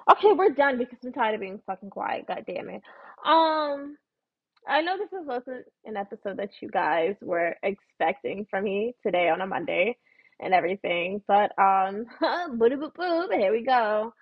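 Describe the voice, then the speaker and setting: A woman's voice: mid-range voice, lively intonation, moderate pace, breathy edge, dry recording. A woman, hosting a podcast and telling a profane, blunt story in a casual rant. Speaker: podcast host. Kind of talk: casual ranting monologue. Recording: dull lo-fi recording.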